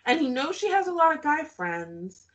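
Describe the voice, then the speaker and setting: A woman's voice: high voice, sing-song, normal speed, fairly bright tone. A woman co-hosting a podcast, recapping a reality show in casual chat, often laughing and making sarcastic asides.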